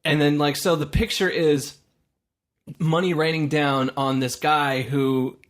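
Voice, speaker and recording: A man hosting a casual podcast, telling a story in an animated way and laughing mid-sentence. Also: a little high, measured pace. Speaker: podcast host. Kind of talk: casual chat.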